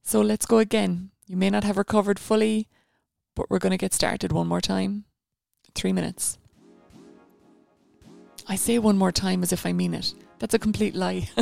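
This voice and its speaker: Gravelly-voiced encouraging running coach woman. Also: mid-range voice, steady tone, moderate pace, darkish tone, no room sound, studio quality, faint music behind. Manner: chatty, encouraging, rambling. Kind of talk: guided running session audio.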